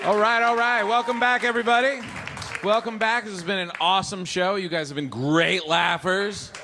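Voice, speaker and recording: High-voiced male club emcee, live mic, loud crowd and room noise. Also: moderate pace. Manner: energetic, welcoming the crowd. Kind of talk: live stage hosting. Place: comedy club stage.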